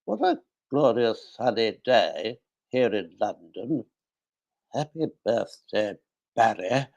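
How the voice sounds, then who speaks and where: A man's voice: lowish voice, sing-song, takes it slowly, vocal fry, a little mellow, full character voice. A man doing an impression of a listener, giving a cheery sing-song greeting from a radio studio.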